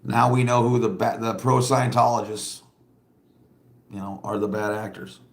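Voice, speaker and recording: A man's voice: on the low side, fairly even intonation, moderate pace, vocal fry, roomy sound. A man hosting a casual livestream, chatting bluntly and rambling, laughing often and reading viewer comments aloud. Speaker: livestream host.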